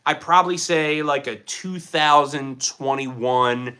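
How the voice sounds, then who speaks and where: A man casually chatting on a livestream, reading out chat questions and joking back in an animated way. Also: a little high, slow pace, clean tone. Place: room at home with collectible figures.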